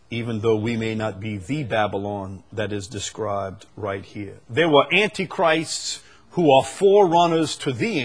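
Husky preacher with dramatic swings. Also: male voice. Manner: swings from quiet, low asides to loud drawn-out proclamations; repeats phrases for emphasis and reads scripture aloud. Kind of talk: sermon.

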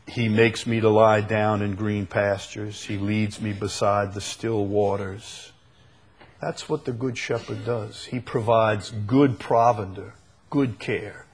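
A man preaching a sermon, slow and emphatic, repeating key phrases for weight. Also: fairly low pitch, slightly rough. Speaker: pastor.

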